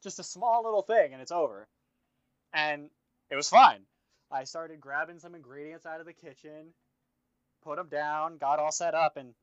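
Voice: medium pitch, fairly bright tone, no room sound. Rambling, profane casual storyteller. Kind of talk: casual chat. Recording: dull lo-fi dry recording.

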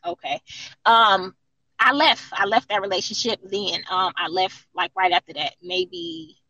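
A woman telling her own story in an interview, earnest and halting, with many fillers. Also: mid-range voice, lively intonation, gravelly, pushed and bright, no room sound, muffled recording. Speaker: interview guest. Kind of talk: candid personal account in an interview.

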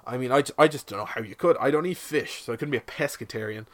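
A man's voice: medium pitch, quick pace. A man hosting a solo podcast from his shed, rambling and swearing in a self-mocking comic way. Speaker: podcast host. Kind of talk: casual solo podcast monologue.

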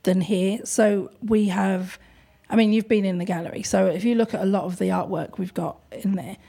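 A woman who runs an art gallery, talking in a thoughtful, hesitant way with many pauses and ums. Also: mid-range voice, steady tone, gravelly, mellow, husky. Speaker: gallery owner. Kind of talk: casual conversation.

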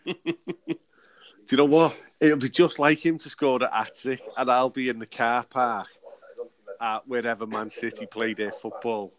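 A man's voice: mid-range voice, fairly even intonation, measured pace, no room sound. Crude, laughing man on a dry call. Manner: jokey, crude, laughs often. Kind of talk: casual banter.

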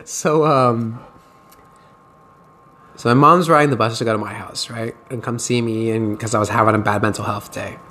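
Profane rambling podcast host, bright voice. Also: male voice, mid-range voice, steady tone, moderate pace. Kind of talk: casual chat.

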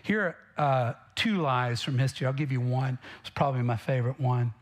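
A man's voice: mid-range voice, fairly quick. A man preaching a sermon as pastor, emphatic and direct, often asking the congregation questions.

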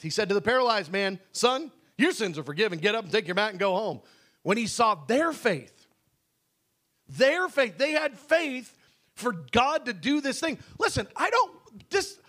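A man preaching a sermon, animated, swinging from low asides to shouted emphasis and laughing mid-sentence. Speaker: pastor.

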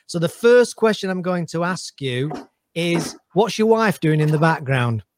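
A man's voice: on the high side, animated, a little slow, a little hiss or hum. A man hosting a podcast interview, chatty and upbeat in a casual conversation. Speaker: podcast host.

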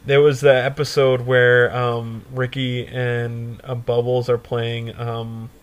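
A young man co-hosting a podcast, telling a stoner story in a profane, animated way and laughing often. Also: mid-range voice, takes it slowly, a little hiss or hum. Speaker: podcast co-host. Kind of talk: casual storytelling chat.

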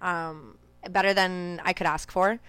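Fast-talking woman, bright and crisp. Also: on the low side, steady tone, no echo. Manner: fast talker who swears freely. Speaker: podcast guest. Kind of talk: casual storytelling chat. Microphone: video call.

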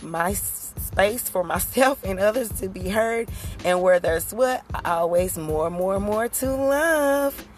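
A woman's voice: lowish voice, a little slow, faint music behind. Chatty woman hosting a solo podcast. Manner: conversational, rhetorical asides like "you understand?". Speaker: podcast host. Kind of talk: casual solo podcast monologue.

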